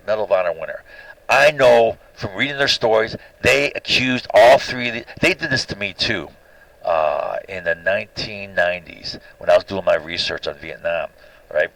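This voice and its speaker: A man with a gravelly, bright voice whose pitch swings all over as he rambles through a suspicious personal story. He keeps checking in with his listener with "right?" The recording is dry and close. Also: no echo, rough recording. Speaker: lecturer. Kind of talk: monologue telling a personal story.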